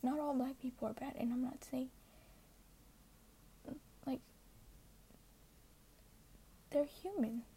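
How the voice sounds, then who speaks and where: A woman's voice: sits high, steady tone, takes it slowly, pauses often, warm tone, breathy edge. A teenage girl talking earnestly and hesitantly in a casual vlog, often dropping to a half-whisper. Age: teens. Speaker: social media poster.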